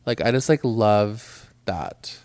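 A man's voice: on the low side, expressive, slow, darkish tone, dry recording. A young man co-hosting a podcast, chatting casually and gushing in agreement. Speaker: podcast co-host. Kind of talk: casual chat.

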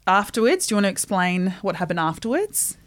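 A woman's voice: medium pitch, sing-song, fairly quick. A young woman with a New Zealand accent, co-hosting a podcast in casual chat, telling stories with dry, wry humour. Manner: dry, wry storytelling, many short backchannels. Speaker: podcast co-host.

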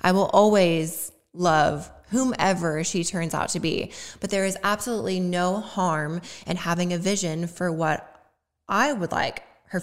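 A young woman speaks in a fairly low voice, reflective and heartfelt. She talks like a podcast host sharing something personal, her voice catching now and then with emotion. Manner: heartfelt, tearful at moments, laughing through emotion.

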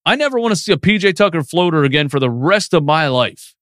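A man's voice: on the high side, animated, quick pace, a bit bright, no room sound, clean studio sound. A man hosting a live post-game sports stream, reading chat questions and ranting with feeling. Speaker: sports podcast host.

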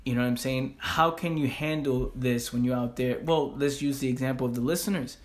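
A man hosting a motivational podcast, animated and slangy, often laughing. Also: mid-range voice, fairly quick. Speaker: podcast host.

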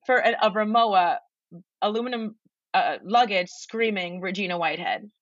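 A woman as a podcast guest, telling a long story in a rambling, excitable way with lots of swearing and restarts, over a remote call. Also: medium pitch, moderate pace, dry recording, dull audio. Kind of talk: casual storytelling chat.

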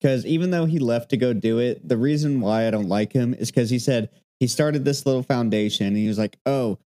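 A man's voice: mid-range voice, a little fast, mellow. A man co-hosting a podcast in casual chat, ranting with lots of swearing. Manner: profane, ranting. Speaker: podcast co-host.

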